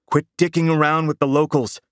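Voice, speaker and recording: A man's voice: medium pitch, animated, brisk, no room sound, clean studio sound, pitched above the performer's own voice, close to an everyday voice. A man voicing a petite, tough female partner who scolds with exasperation in an audiobook. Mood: urgent. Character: petite tough woman partner, stern and impatient.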